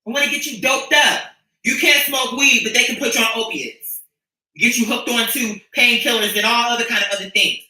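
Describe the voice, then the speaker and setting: A woman's voice: fairly high pitch, a little fast, pushed and bright, recorded from a distance. Preachy woman livestreamer, fervent and foul-mouthed, recorded off-mic in an echoey room. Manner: fervent, profane, preachy ranting. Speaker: streamer addressing her followers. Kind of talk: impassioned livestream monologue.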